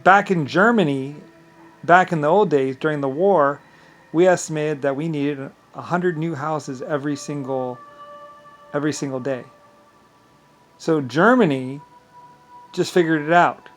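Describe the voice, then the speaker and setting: A man's voice: fairly high pitch, moderate pace, pauses often, soft background music. A man vlogging in a rambling, profane monologue, full of grand claims and frequent laughter.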